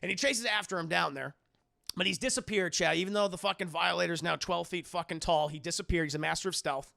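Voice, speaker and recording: A man's voice: sits high, fast, vocal fry, pushed and bright. A man streaming a casual film recap, talking in a profane, rambling way.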